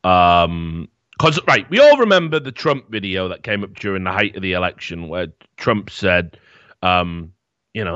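A man's voice: sits low, expressive, normal speed, a bit bright, dry recording, highs cut off. A man hosting a podcast in casual chat, sarcastic, swearing and laughing as he talks. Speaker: podcast host.

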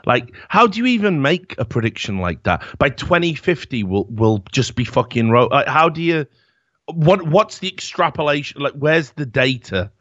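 A man hosting a podcast, reading news stories aloud in casual, animated chat and swearing freely. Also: fairly high pitch, normal speed, no echo, lo-fi sound. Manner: animated, swearing, laughing often. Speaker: podcast host.

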